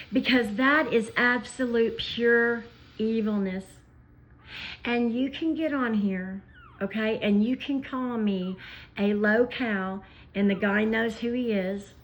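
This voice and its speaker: A woman vlogger telling stories in an emotional, indignant rant, pausing as she speaks. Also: fairly high pitch, low-quality recording. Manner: indignant, impassioned storytelling with pauses. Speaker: commentary vlogger.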